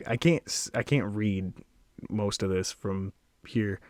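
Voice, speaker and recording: A young man rates snacks in a casual solo video, rambling and poking fun at himself as he gives blunt verdicts, sounding slightly out of breath. His voice is lowish and a little mellow, and he speaks slowly with no echo.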